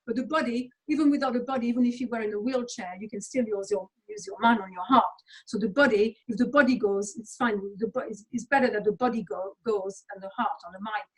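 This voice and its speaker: A woman's voice: a little high, fast, hardly any pauses, husky, rough recording. A woman from England, speaking as an interview guest in a blunt, sweary, emphatic rant. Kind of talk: casual conversational rant.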